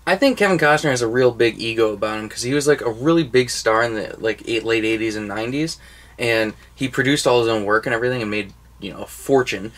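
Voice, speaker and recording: A man's voice: medium pitch, quick pace, a bit bright. Chatty young man gushing about movies. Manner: enthusiastic, rambling, swears casually. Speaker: co-host of a collection video. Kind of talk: casual chat.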